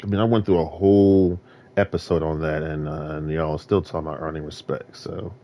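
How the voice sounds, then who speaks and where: A man streaming, talking in a rambling rant that swings between loud outbursts and low muttering. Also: steady tone, brisk.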